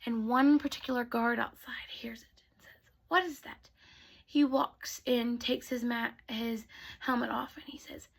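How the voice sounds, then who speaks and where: A woman telling bedtime stories to children in a soft voice that often drops to a whisper. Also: on the high side, level tone, measured pace, creaky, breathy edge. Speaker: storyteller. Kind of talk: bedtime storytelling.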